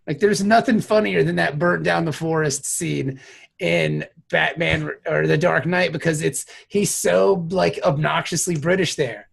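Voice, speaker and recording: A man's voice: a little high, fairly even intonation, measured pace, creaky, slightly rough. A man co-hosting a podcast in casual, joking banter that is often profane. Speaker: podcast co-host. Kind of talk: casual chat.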